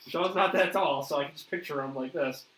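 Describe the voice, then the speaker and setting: A man hosting a paranormal interview, telling a ghost story in a lively way and acting out what others said. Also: a little high, brisk. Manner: animated storyteller, acts out quoted dialogue. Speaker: paranormal investigator host. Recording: echoey room with faint noise.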